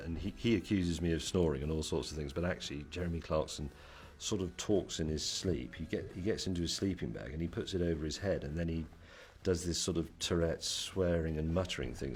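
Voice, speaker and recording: Male TV presenter with an extremely deep voice, dry understated wit, casual interview answers. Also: a little mellow.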